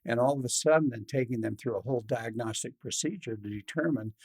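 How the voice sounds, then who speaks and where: A middle-aged man hosting a podcast interview, talking in an animated way and acting out quoted patients. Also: mid-range voice, fast, creaky, breathy edge. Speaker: podcast host. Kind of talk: casual interview talk.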